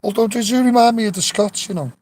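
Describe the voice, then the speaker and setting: A man telling stories in a relaxed live stream, swearing freely and restarting his sentences, recorded on a phone outdoors. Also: high-pitched, fast talker, low-quality recording. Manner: rambling storyteller, swears freely, many restarts. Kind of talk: casual live-stream chat. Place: outdoors near an old tree.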